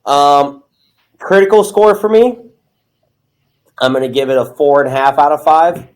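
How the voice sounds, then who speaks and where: A man's voice: on the high side, measured pace. A young man co-hosting a casual film podcast, rambling and upbeat, often laughing. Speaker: podcast co-host. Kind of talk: casual film-review chat.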